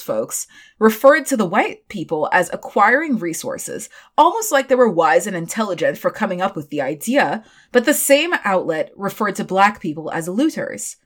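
A woman hosting a history podcast, reading scripted narration broken up by animated, sarcastic asides. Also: mid-range voice. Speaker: podcast host.

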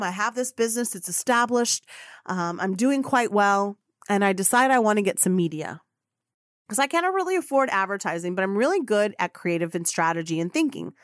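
A woman's voice: medium pitch, no room sound, studio quality. A middle-aged woman hosting a podcast, telling her own story in a profane, fired-up, chatty way. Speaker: podcast host. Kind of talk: motivational storytelling monologue.

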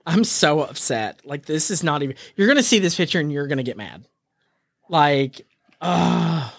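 A man's voice: on the high side, lively intonation, moderate pace, gravelly, no room sound, clean studio sound. A man co-hosting a podcast in casual chat, ranting dramatically and laughing at his own frustration. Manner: exasperated, dramatic, rants with laughter. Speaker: podcast co-host.

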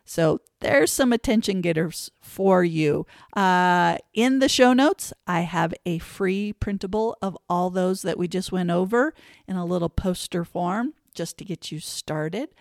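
Playful woman with a gravelly, low voice. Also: a little slow, darkish tone, no room sound, studio quality. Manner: playful, demonstrates chants in a sing-song voice. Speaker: teacher trainer, podcast host. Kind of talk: teaching tips for teachers.

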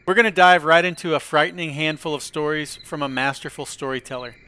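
A man's voice: on the high side, fast, pushed and bright, clean tone. A man hosting a podcast, reading a dramatic, playful scripted introduction. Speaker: podcast host.

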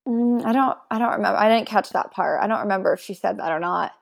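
A woman's voice: mid-range voice, fast talker, vocal fry. Chatty young woman recapping gossip. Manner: chatty, recaps with quoted asides. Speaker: podcast co-host. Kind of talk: casual gossip chat.

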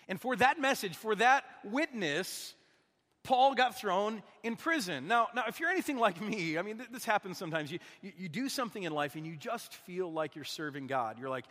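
A man with a high voice delivers a sermon, earnest and conversational, often turning to his listeners with questions. His words ring out with the long reverb of a large church hall. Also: animated, a little fast, fairly bright tone. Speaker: guest preacher.

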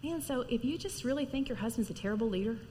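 A middle-aged woman preaching to women in a lively, conversational sermon, acting out little stories as she goes. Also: a little high, quick pace, big-room sound, slight background noise. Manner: lively, animated storytelling with acted-out quotes. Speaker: women's ministry speaker.

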